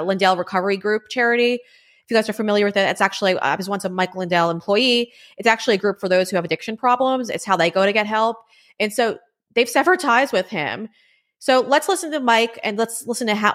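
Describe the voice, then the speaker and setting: A woman host runs through political commentary at a quick clip, her speech loose and conversational. She leans on fillers as she goes, and her pitch sits in a middle range. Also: fairly bright tone. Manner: brisk, conversational, with many fillers. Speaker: show host.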